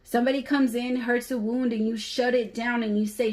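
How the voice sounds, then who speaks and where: A woman's voice: fairly high pitch, fairly even intonation, normal speed, darkish tone, rough recording. A woman doing a casual tarot reading for her viewers, talking straight to them in a candid way and swearing freely. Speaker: tarot reader.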